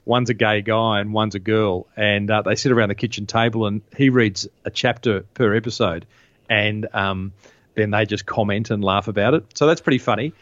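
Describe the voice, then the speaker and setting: A man's voice: fairly low pitch, fairly even intonation, moderate pace, fairly bright tone, no echo. A man talking casually as a podcast guest, restarting sentences as he goes. His voice comes through a dull, lo-fi recording with no room sound at all. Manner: chatty, frequent restarts. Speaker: podcast guest, marketing author. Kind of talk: casual interview chat.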